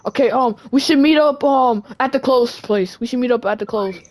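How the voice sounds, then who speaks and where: A woman hosting a game role-play, talking in an excitable, urgent way. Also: a little high, normal speed. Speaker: channel host, roleplayer.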